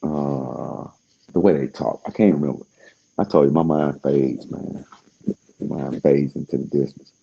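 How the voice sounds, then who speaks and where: Man, very low and husky, casual rambling talker, lo-fi sound. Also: fairly even intonation, measured pace, dark tone. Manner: laid-back, slangy, trailing off with fillers.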